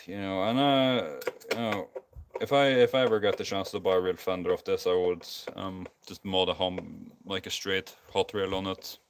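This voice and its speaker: A man's voice: sits low, steady tone, normal speed, background noise. A tired man with a Scandinavian accent, rambling casually with many ums and restarts while building a guitar live. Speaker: streamer. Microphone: basic non-professional mic.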